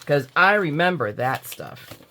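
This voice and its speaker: A woman's voice: deep voice, big pitch swings, measured pace, bright, forceful tone. Drowsy chatty American woman. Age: middle-aged. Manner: chatty, gushing, self-mocking, yawning. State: drowsy from allergy medicine. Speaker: crafting YouTuber. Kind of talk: casual unboxing chat.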